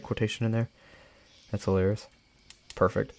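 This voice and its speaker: A man's voice: on the low side, flat delivery, a little fast, gravelly. A young man with a dry throat reading a story aloud on a live stream, chatty and joking between passages. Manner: casual, joking, chatty asides.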